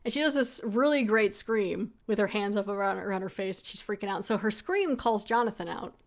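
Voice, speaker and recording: A woman's voice: medium pitch, a little fast. A woman hosting a podcast, chattily recapping an episode, laughing often and acting out the characters' lines. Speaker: podcast host.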